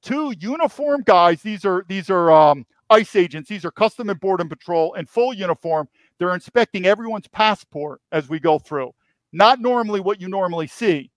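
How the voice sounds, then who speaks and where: A man's voice: sits high, lively intonation, moderate pace, dry recording. A man from New York, a podcast guest, telling a story emphatically and repeating key phrases. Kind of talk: storytelling interview.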